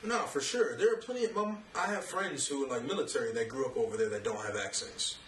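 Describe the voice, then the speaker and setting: A man's voice: on the high side, fast talker. A man co-hosting a podcast, chatting casually and arguing his points bluntly with plenty of slang. He sits back from the mic, so his voice sounds distant in a roomy, echoey space. A faint hiss of noise runs underneath. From American South. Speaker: podcast co-host. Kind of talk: casual chat.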